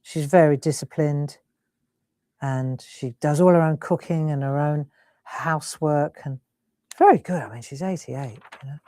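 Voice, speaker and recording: A woman's voice: deep voice, unhurried, warm tone, no echo, clean studio sound. A middle-aged woman hosting a live crafting stream, chatting and giggling as she works. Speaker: crafting host.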